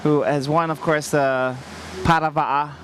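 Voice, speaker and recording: A man giving live sports commentary as race results come in. He announces each finisher with excitement and calls out to the audience. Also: a little high, measured pace, slight background noise. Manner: excited, announcing, repeats "ladies and gentlemen". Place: outdoor race finish area. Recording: outdoor event with crowd behind.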